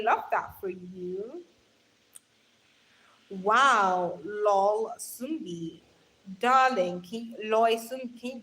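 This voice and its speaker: A young woman with a slightly high voice hosts a casual livestream, reading out viewers' comments and answering them warmly. She calls everyone darling and my love, laughs often, and speaks into a phone she holds in her hand. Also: poor audio. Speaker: livestream host. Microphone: phone held in hand.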